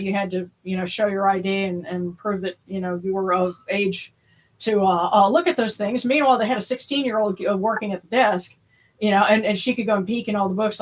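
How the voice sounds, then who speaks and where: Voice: medium pitch, low-quality recording. Host rambling on a live stream, lots of ums and restarts, casual and easygoing. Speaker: host of a religious livestream service. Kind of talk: casual livestream chat.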